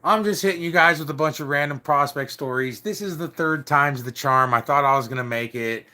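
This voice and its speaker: Man, middle-aged, bright voice, rambling casual storytelling, loose and chatty. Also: a little high, a little fast. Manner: rambling, swears mildly, says "dude" and "like" often. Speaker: storyteller recounting biker club days.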